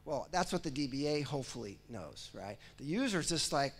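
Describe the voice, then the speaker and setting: A technical presenter with a medium-pitched, fairly quick voice gives a lively conference lecture. He acts out a computer process in the first person, as though he were the process, and keeps checking in with the audience by asking "right?" and "okay?"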